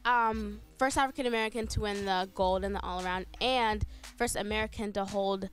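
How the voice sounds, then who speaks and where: A seventeen-year-old girl being interviewed on a radio show, answering softly with frequent hesitations. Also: mid-range voice, fairly quick, faint music behind. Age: teens. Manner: soft-spoken, hesitant, with frequent ums. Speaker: guest athlete.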